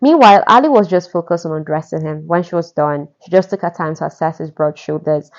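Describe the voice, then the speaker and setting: A woman's voice: low-pitched, fairly quick. A woman casually retelling a romance novel, gushing and talking straight to the listener. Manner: gushing, conversational, asides to the listener. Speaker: podcast narrator retelling a novel. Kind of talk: casual chatty storytelling. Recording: dull lo-fi recording.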